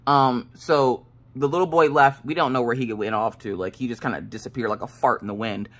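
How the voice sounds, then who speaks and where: A woman in her late thirties, a crafting vlogger, telling a story in casual chat with a sassy, animated manner and acted-out quotes. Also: rumbling low, brisk. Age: 30s.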